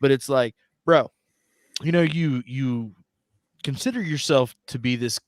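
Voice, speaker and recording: A man argues his opinions forcefully on a wrestling podcast, dropping curses along the way. His voice is mid-pitched. It is recorded dry and close, with no room echo. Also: measured pace. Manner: emphatic, swears freely, asks a co-host for his view. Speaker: podcast co-host. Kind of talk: casual wrestling podcast chat.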